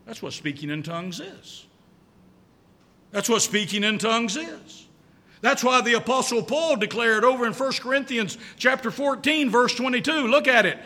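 A man preaches a sermon in a church, his voice high and bright. He hammers his points home with repetition and rhetorical questions. The sound carries a long hall reverb. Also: lively intonation, moderate pace. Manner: emphatic, repeats key lines, rhetorical questions. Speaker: pastor.

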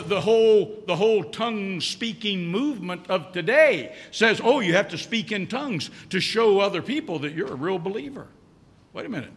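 A man preaches a sermon in a church, his voice high and bright. He hammers his points home with repetition and rhetorical questions. The sound carries a long hall reverb. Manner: emphatic, repeats key lines, rhetorical questions. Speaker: pastor.

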